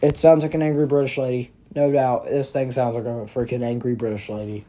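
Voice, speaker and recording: A man hosting a casual review vlog, talking excitably and ranting with plenty of exaggeration. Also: mid-range voice, brisk, few pauses. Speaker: prop reviewer, channel host.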